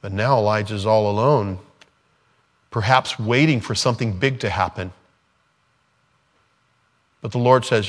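A man's voice: on the low side, a little slow, pauses often. A man preaching a sermon in an earnest, conversational way, laughing now and then and acting out scripture dialogue. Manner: acts out scripture dialogue in different voices.

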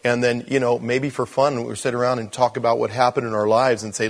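An older man speaking as a preacher who tells stories rather than lecturing. His delivery is conversational and animated, and he slips into the voices of the people he describes. His voice sits in an ordinary middle range. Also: mid-range voice, brisk, hardly any pauses. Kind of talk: conversational sermon storytelling.

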